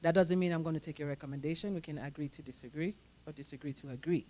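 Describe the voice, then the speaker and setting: A woman team leader on a panel, giving practical career advice in a steady, matter-of-fact, instructive way. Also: low voice, rapid-fire.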